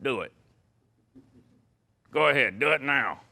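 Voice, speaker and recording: A ventriloquist voicing a cheeky, dim-witted male puppet who teases him with quick comebacks. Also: medium pitch, animated, vocal fry, bright, forceful tone, heavily acted. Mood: wisecracking.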